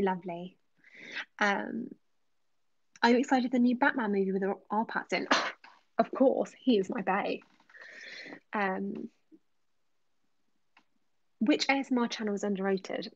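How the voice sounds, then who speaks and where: A young woman hosting a relaxed livestream, answering chat questions in a chatty voice that slips into soft whispers. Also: mid-range voice, unhurried, pauses often, no echo, dull audio. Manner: chatty, drifting between normal voice and soft whispers. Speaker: ASMR livestream host.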